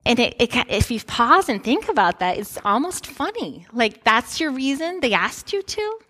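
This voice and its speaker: A woman's voice: a little high, very animated, moderate pace, pushed and bright. A woman in her thirties gives a sermon, telling personal stories in a conversational way with playful asides. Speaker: preacher.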